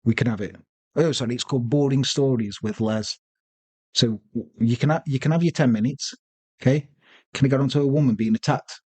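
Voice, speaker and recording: A man co-hosting a podcast, telling a true-crime story with joking, deadpan asides. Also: mid-range voice, a little fast, husky, no echo. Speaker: podcast co-host.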